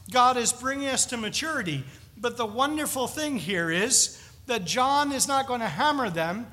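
Male preacher, high and bright, earnest expository sermon, reverberant hall.

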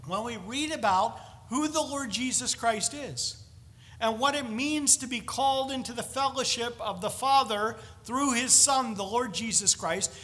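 A man preaching a sermon in a chapel, conversational and animated, with jokey asides. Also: very high voice. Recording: long reverb of a large chapel.

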